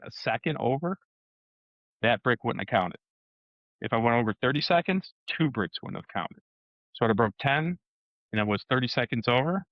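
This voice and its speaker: A man telling a story in a lively way, with sound effects and acted-out dialogue. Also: medium pitch, no echo, muffled recording. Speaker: co-host and martial arts competitor. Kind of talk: animated casual storytelling.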